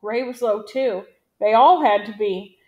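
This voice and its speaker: A woman reading a novel aloud in a steady, measured storytelling manner. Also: fairly high pitch, highs cut off. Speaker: audiobook reader.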